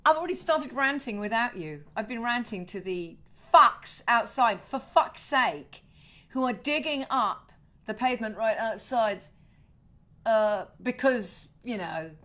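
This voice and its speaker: A woman's voice: a little high, unhurried. A woman hosting a livestream from her home over a webcam, chatting animatedly with viewers, greeting them with whoops and swearing freely in ranting bursts. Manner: excited whoops greeting fans by name. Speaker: singer-songwriter hosting a livestream.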